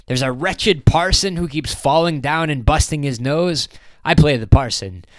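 A fussy, theatrical theater owner, as a male narrator puts him on, with a voice pushed well up and ringing out loudly. He wheedles and shows off with every phrase. The sound is close and dry. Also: normal speed, dry recording, natural voice. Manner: high, showy and wheedling.

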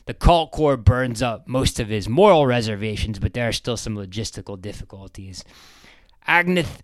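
A man reading an audiobook narration in a steady, matter-of-fact way. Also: mid-range voice, normal speed, no room sound.

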